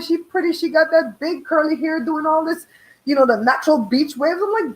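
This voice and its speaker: A chatty middle-aged woman talking straight to her live viewers. She tells stories in a lively way, acts out what people said, and swears freely along the way. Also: high voice, normal speed, poor audio. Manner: chatty, animated storytelling with voiced quotes; frank, swears casually. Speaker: livestream host. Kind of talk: casual live chat.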